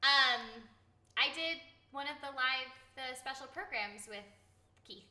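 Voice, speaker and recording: High, bright, bubbly woman in an echoey room. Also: unhurried. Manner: bubbly, reads chat aloud. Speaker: streamer and voice actor. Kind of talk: casual livestream chat.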